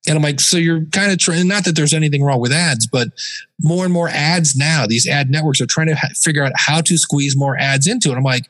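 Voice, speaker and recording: A man as a podcast guest, telling stories in a casual, animated way and sometimes mimicking other voices. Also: a little high, brisk. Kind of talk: casual interview talk.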